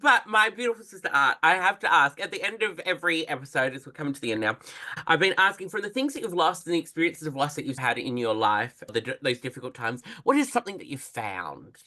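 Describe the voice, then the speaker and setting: Exuberant podcast host, bright voice. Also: medium pitch, big pitch swings, fast. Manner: exuberant, gushing, swears freely. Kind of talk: casual podcast chat.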